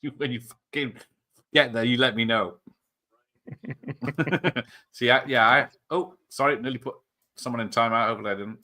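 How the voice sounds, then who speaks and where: A man's voice: medium pitch, moderate pace, pauses often, pushed and bright. A man hosting a casual film watch party online, joking and rambling with frequent laughs. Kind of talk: casual chat over a film.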